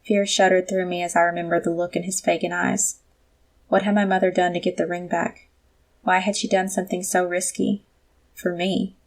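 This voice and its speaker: Audiobook narrator, woman, low voice with a gravelly edge. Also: level tone, normal speed. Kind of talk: first-person audiobook narration.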